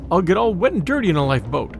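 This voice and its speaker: A fussy stage actress frets about her comfort, as a male narrator puts her on. The voice is fairly high and swoops in pitch, fretful and precious. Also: sing-song, very fast, creaky, soft background music, full character voice.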